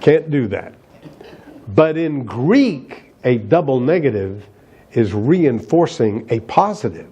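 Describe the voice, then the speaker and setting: A man's voice: mid-range voice, big pitch swings, takes it slowly, dark tone, slightly rough, lo-fi sound. A man preaching a sermon as pastor, emphatic and asking the congregation rhetorical questions.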